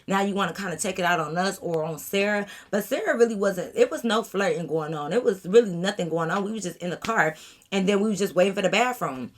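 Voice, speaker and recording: Animated young woman telling a story. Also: mid-range voice, fast, a little hiss or hum. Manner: animated, acts out friends' voices. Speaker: storytelling vlogger. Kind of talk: casual storytime.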